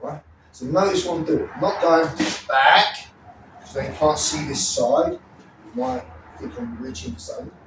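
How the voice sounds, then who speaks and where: Fairly high in pitch, with lively intonation and an unhurried delivery, a man walks a listener through self-defense moves, cursing freely and checking in often. The clip is distant and off mic in an echoey room, with a noisy background and faint ambience.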